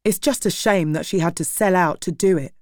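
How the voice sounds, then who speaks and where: A man's voice: high-pitched, brisk, no echo, studio quality, natural voice. A woman voicing a curt, grudging man who dismisses others, in a storybook reading. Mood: dismissive. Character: dismissive, grudging old male acquaintance.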